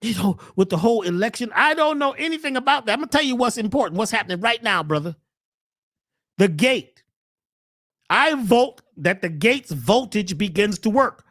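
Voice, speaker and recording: A man hosting a spiritual health webcast, preaching in a steady run of rhetorical questions. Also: high voice, normal speed, dry recording, clean studio sound. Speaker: natural health webcast host. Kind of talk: spiritual motivational talk.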